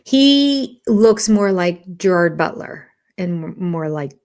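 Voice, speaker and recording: An older woman hosts a relaxed live stream from home, talking viewers' comments through out loud. Her voice sits a little low, and she slips into soft half-whispers now and then. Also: slow. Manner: chatty, thinks aloud, drops into soft half-whispered asides. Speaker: reality TV livestream host.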